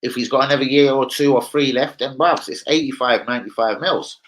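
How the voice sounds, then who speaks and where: A young man hosting a casual live football chat, brash and jokey, swearing a lot and swinging between loud outbursts and low muttering. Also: fairly quick, poor audio. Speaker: livestream host.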